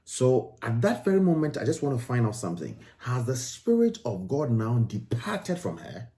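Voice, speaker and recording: A man's voice: medium pitch, warm tone. A man from Ghana, giving emphatic commentary on video clips and repeating phrases for stress.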